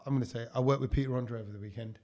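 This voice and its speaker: A man's voice: mid-range voice, steady tone, rapid-fire, crowd noise. A man hosting a podcast, chatting casually, telling stories and teasing his friends. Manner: storytelling, teasing, explains at length. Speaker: podcast host. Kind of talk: casual chat.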